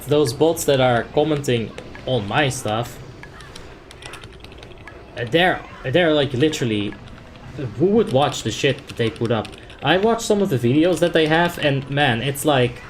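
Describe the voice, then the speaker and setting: A man's voice: on the high side, animated, unhurried, a little hiss or hum. A young man casually commenting on his gameplay, reading chat aloud and explaining tactics in a laid-back, filler-heavy way. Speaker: game streamer.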